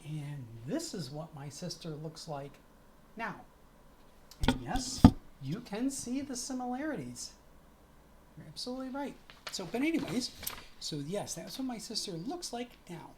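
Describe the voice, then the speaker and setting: A woman's voice: mid-range voice, big pitch swings, a little slow, heavy background noise. A middle-aged woman chatting to camera in a casual vlog, often stopping to correct herself. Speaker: vlogger.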